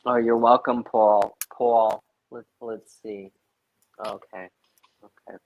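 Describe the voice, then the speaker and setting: Heard through phone-quality sound, a young man speaks slowly in a fairly low voice with little pitch movement. He's a guest on a live stream, telling a story in casual chat, swearing a lot and using plenty of "like" fillers.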